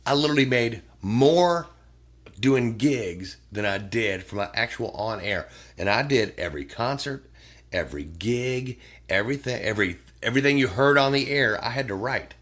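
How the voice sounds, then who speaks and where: Speaking at normal speed in a mid-range voice, a middle-aged man guests on a podcast. His casual stories are animated, with the people in them acted out and plenty of free swearing.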